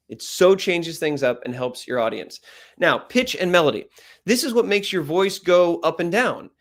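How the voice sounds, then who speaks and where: A man coaches on pitching in an energetic presentation, speaking loudly and with lots of animation. He deliberately varies his speed, volume and pitch to drive his points home.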